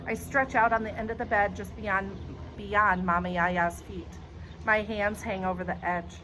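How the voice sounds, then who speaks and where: A woman librarian reading a children's chapter book aloud in clear, expressive storytelling. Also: mid-range voice, a little slow, background noise.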